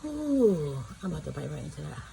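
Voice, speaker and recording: A woman's voice: low-pitched, fairly quick, background noise. A woman filming a casual food-tasting vlog at home, chatty and emotional, exclaiming over what she eats. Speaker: vlogger. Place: home, in pajamas.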